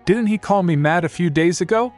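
A man's voice: high-pitched, brisk, darkish tone, soft background music, pitched above the performer's own voice, close to an everyday voice. A man doing a cool mocking young empress. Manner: dry, mocking.

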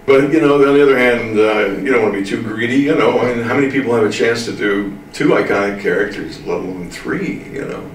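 A man's voice: mid-range voice, a little hiss or hum. Older man, interview storytelling, drawling, emphatic, distant mic, roomy echo. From American Midwest. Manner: drawling, slow to get things said, emphatic. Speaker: voice actor interviewee.

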